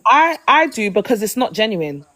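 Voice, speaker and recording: A woman's voice: fairly high pitch, big pitch swings, moderate pace, a bit bright, no echo. A woman speaking as a guest in a live online debate, casual and emphatic, often saying "honestly".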